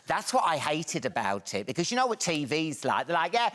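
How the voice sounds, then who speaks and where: English man, higher voice, camp comic storyteller doing voices. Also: very animated, fairly quick, fairly bright tone. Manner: camp, giggly storyteller acting out other voices. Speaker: talk show guest. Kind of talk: comic anecdote.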